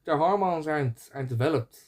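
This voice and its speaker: Young lad on a podcast, blunt, teasing, swears a lot. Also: male voice, fairly high pitch, lively intonation, fast talker, a little mellow. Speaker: podcast co-host. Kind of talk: casual chat.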